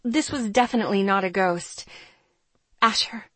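Woman narrator, audiobook, tense dramatic telling, mid-pitched, dry close sound. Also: measured pace, fairly bright tone, no room sound. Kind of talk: first-person audiobook narration.

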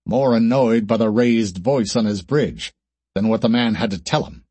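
Husky male audiobook narrator. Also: on the low side, normal speed, a little mellow, dry recording. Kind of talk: scripted narration.

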